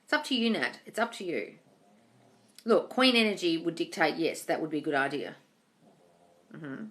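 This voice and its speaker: A woman's voice: deep voice, moderate pace, fairly bright tone. A woman hosting a live-stream Q&A, reading viewers' comments aloud and answering them bluntly, swearing often and calling them darling. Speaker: manifestation coach answering live chat questions.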